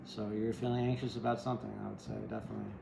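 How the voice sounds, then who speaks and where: A man with a lowish, level voice talks very fast, sounding creaky over heavy noise in an echoey room. He's a tarot reader giving a casual, rambling reading, often tossing in "right?" along with wry, self-deprecating asides.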